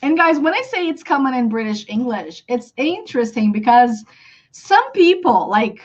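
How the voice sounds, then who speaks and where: A young woman with a Brazilian accent and Portuguese as her first language, teaching a live online English lesson in a chatty, animated way with many fillers. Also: high voice, moderate pace. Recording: dull lo-fi audio.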